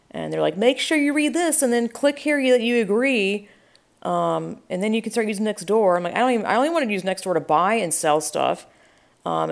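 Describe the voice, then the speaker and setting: A woman's voice: fairly low pitch, gravelly. A young adult woman telling a long story in casual chat, rambling with many fillers, sarcastic and swearing freely.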